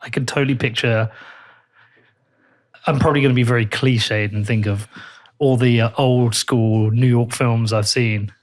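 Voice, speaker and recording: A man's voice: medium pitch, steady tone, moderate pace. Blunt, jokey man hosting. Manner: blunt, jokey, swears casually. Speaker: podcast host. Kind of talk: casual interview chat. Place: in-person recording at a table in a room.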